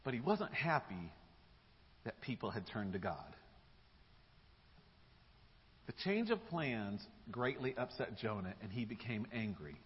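A man preaching a sermon in a church, retelling the story in a lively, casual way with slang. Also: lowish voice, moderate pace, slightly rough. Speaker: pastor. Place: church sanctuary. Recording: dull live church recording with long hall echo.

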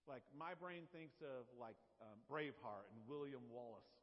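A male pastor preaching a sermon, retelling scripture in a relaxed, conversational way. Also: medium pitch, moderate pace. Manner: conversational storytelling, paraphrasing scripture in casual words. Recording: dull lo-fi sound with long hall reverb.

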